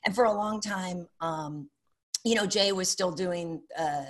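A woman's voice: fairly low pitch, unhurried. A middle-aged woman, a sports broadcaster and podcast guest, telling stories casually and acting out quoted dialogue. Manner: animated, acts out quoted dialogue. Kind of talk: casual interview storytelling.

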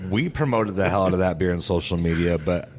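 A man's voice: a little fast, slight background noise. A man who co-owns a brewery, casually telling stories and acting out quotes in a raised voice. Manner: animated storyteller, acts out quotes in a higher voice. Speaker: brewery co-owner. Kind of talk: casual chat.

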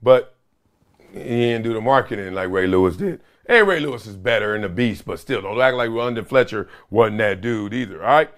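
A middle-aged man, a former football player, hosting a casual sports talk show with loud outbursts and frequent laughter. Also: on the low side, normal speed. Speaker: podcast host, former NFL player.

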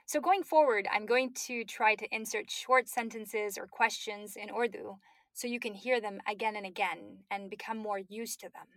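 A woman co-hosting a language lesson podcast, setting clear practice questions. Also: mid-range voice, moderate pace, no echo. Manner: clear, asks guiding questions. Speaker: co-host.

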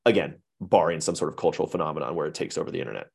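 A man's voice: very deep voice, racing, vocal fry, darkish tone, a little hiss or hum. A man guesting on a podcast, explaining candidly and at length in a rambling, self-correcting way. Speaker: guest, web series creator. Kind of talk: casual podcast conversation.

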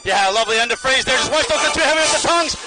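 A man giving running spoken commentary as a marching band judge outdoors on the field, appraising the players with quick bursts of praise. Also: very high-pitched, animated, loud music behind the voice, low-quality recording. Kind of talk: live judging commentary over a performance. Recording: live brass band loud behind.

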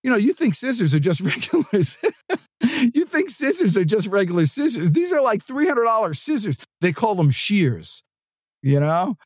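A man hosting a sales podcast, giving an energetic, joking pep-talk monologue into a close mic. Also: high-pitched, normal speed, no echo.

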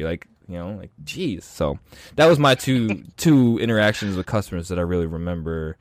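A man with a lowish voice hosts a relaxed podcast chat. He tells stories and acts out the people in them. The sound is dry and close. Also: moderate pace, no room sound. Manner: animated, acts out quoted voices. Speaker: podcast host. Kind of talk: casual podcast storytelling.

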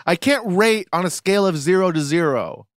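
A man co-hosting a podcast, teasing his co-host in playful, animated casual banter. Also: sits high, normal speed, no echo, clean studio sound. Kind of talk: casual chat.

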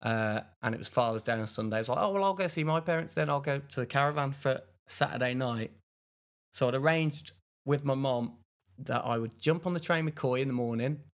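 A man's voice: mid-range voice, fairly quick. A young English man on a casual podcast, telling a rambling story and mimicking other people's voices as he goes. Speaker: podcast co-host. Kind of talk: casual chat.

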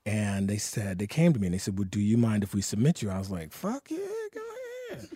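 A man in his sixties, a guest in a casual interview, telling animated, profane stories and laughing as he goes. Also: lowish voice, fast talker, slightly rough, dry recording, clean studio sound.

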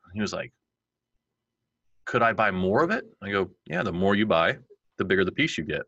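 A man in his forties, a podcast guest, chatting and telling animated stories where he acts out his kids' lines. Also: deep voice, a little fast, no room sound, muffled recording. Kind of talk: conversational interview.

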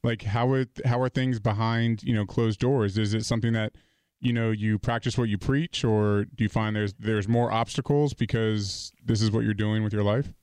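Laid-back husband co-host, loose and rambling, dry studio sound. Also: male voice, fairly low pitch, normal speed, clear, resonant tone, no echo. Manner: relaxed, rambling, many repeated starts. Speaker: podcast co-host. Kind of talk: casual podcast chat.

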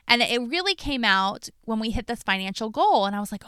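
A woman's voice: a little high, expressive, brisk, few pauses, bright, forceful tone, clean tone, dry recording, studio quality. A woman hosting her podcast as a coach, telling a personal story in a candid, blunt, profane monologue.

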